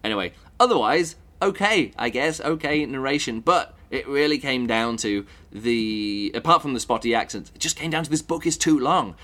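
A man chats through a book review, rambling as he thinks aloud. He keeps circling back with fillers and false starts, and his voice sits at a middling pitch for a man. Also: lively intonation, normal speed, hardly any pauses, pushed and bright. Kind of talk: casual spoken book review.

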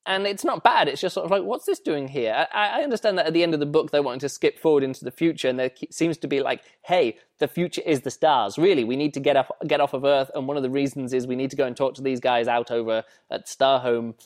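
A man's voice: medium pitch, fast talker, few pauses. An English man hosting a podcast, reviewing a book in a rambling, chatty way with lots of fillers and restarts. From England. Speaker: podcast host.

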